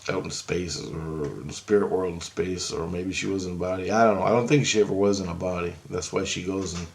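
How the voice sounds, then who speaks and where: Guy with a low gravelly voice rambling thru a story on his vlog, keeps doing the back and forth, gets all excited. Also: a little fast. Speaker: vlogger. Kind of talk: casual storytelling monologue.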